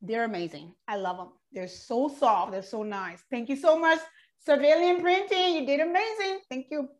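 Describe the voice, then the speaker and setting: A woman's voice: high-pitched, normal speed. A woman hosting an online show, talking in an upbeat, enthusiastic way and laughing often. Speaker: show host. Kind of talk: casual chat.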